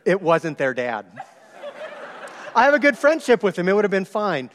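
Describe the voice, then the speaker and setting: A man preaching a sermon, telling a story with lively shifts and loud exclaimed quotes. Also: high voice, moderate pace. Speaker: pastor. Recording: long hall reverb.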